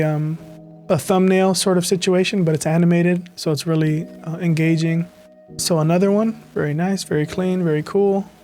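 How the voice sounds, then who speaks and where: A man's voice: fairly high pitch, a little mellow. Enthusiastic rambling man reviewing websites. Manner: enthusiastic, rambling, self-interrupting. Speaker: web designer reviewing sites. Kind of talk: casual screen-share commentary.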